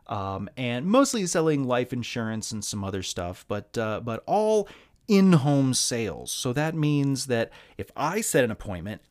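A man's voice: medium pitch, darkish tone. A man from the American South with a slight Southern accent, hosting a casual podcast monologue in a wry, candid, sardonic way with frequent ums. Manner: frequent ums and trailing asides. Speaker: podcast host.

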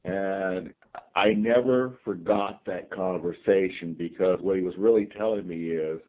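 A man in his sixties from California, a team chaplain calmly telling stories from his life as a podcast guest. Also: deep voice, unhurried. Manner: calm, reflective storyteller. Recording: tinny phone-like remote line.

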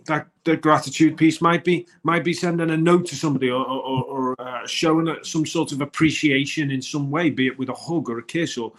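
A man's voice: fairly high pitch, fairly even intonation, fairly quick, few pauses. Earnest, rambling British male co-host. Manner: rambling, restarts often, earnest. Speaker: co-host of a morning wellness show. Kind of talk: casual morning show chat.

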